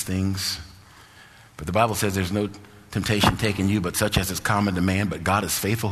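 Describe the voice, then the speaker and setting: A man preaching a sermon in a rhythmic, repetitive style that builds to shouted, half-sung peaks. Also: fairly low pitch, slight background noise. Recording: long hall reverb.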